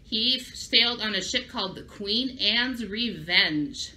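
A woman's voice: medium pitch, animated, a little slow, pushed and bright. A woman librarian giving a children's craft and story lesson, upbeat and speaking directly to young kids.

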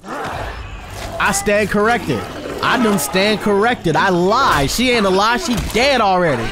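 A young man giving loud, excitable, trash-talking commentary while he plays a video game. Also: sits high, slow pace, noisy background. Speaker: gaming video host. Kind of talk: excited let's-play commentary. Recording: game soundtrack playing behind.

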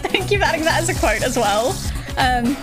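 High, lively, giggly woman streamer. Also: brisk. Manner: giggly, playful, prone to sudden shrieks. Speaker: game streamer. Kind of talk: live-streamed gameplay chat. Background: game music.

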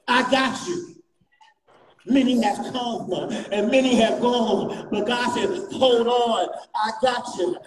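A man preaching a fervent sermon as a guest bishop, repeating refrains and rising to shouts. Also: extremely high pitch. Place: church sanctuary. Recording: echoey church, distant mic, faint noise.

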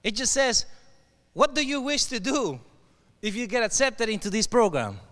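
A man with a Mexican Spanish accent, telling an animated story in a keynote speech, asking the crowd questions and slipping into Spanish. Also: very high-pitched, normal speed. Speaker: motivational keynote speaker. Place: large hall with an audience. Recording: long hall reverb.

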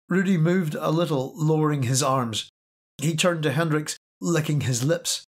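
A man reading science fiction aloud as an audiobook narrator, steady and measured. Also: on the high side. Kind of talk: scripted narration.

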